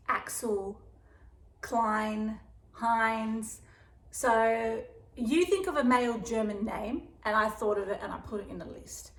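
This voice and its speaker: A woman's voice: mid-range voice, a bit bright. A woman with an Australian accent, chatting casually in a rambling way as a dog vlogger. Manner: rambling, chatty, breaks off to talk to her dog. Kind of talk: casual vlog chat. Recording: echoey room, faint background hiss.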